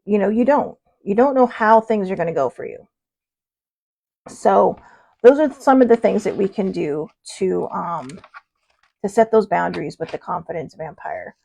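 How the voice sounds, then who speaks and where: A woman's voice: medium pitch, moderate pace, vocal fry, mellow, slightly rough. A woman hosting her own show in a casual chat style, wandering off topic and laughing often. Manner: rambling, digressive, laughs often. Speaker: show host.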